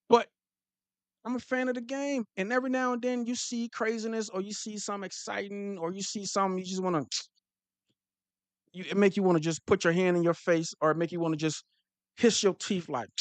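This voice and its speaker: Man, football talk host, casual slang, repeats himself, slightly high voice, dry close sound. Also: dry recording. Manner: animated, repetitive restarts and slang. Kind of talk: casual sports commentary to live viewers.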